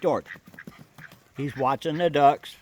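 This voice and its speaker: A man chatting casually to his viewers and coaxing his pet goose along in a gentle way. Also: fairly high pitch, slow. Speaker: vlogger and pet goose owner. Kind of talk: casual chat to camera and pets.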